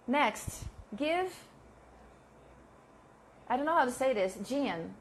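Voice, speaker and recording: Woman teaching english live, kinda high voice, laughs a lot, faint hum behind. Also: expressive. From Brazil. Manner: chatty, repeats example sentences slowly, laughs often. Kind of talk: live online English lesson.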